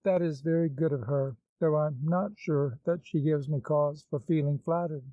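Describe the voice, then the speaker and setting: A man's voice: a little high, moderate pace, warm tone, dry recording, close to an everyday voice. A man reading the part of a bold, impertinent young woman with a glib, mocking manner, in a dull, dry recording. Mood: playful mocking.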